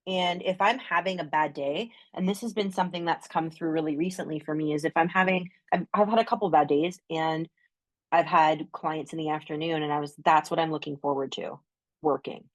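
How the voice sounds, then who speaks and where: A woman's voice: deep voice, fairly even intonation, fairly quick, no echo. A woman with a Canadian accent, chatting enthusiastically as a guest astrologer on a podcast, often saying "like". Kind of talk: casual podcast conversation.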